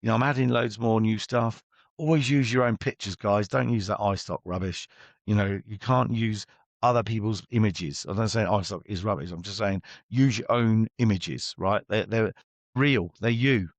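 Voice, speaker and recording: A man's voice: on the low side, normal speed, no room sound. A middle-aged man, a business coach, talking bluntly and chattily as an interview guest and acting out his exchanges with clients.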